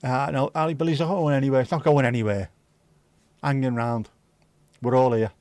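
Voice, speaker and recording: A man's voice: medium pitch, steady tone, a little fast, a little mellow, no room sound. A middle-aged man from Liverpool with a Scouse accent, hosting a livestream in rambling, casual chat that swears freely. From Liverpool, England. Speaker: livestream host.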